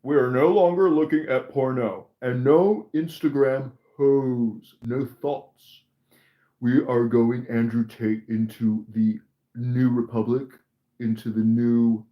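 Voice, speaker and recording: A man's voice: mid-range voice, steady tone, slow, reverberant, dull audio. A man in casual talk, making mock proclamations. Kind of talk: casual chat.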